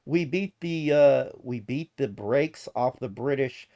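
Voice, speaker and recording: A man's voice: medium pitch, animated, unhurried, warm tone. A man from the United States giving casual reaction commentary, profane and mocking, rambling as he goes. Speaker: reaction video host.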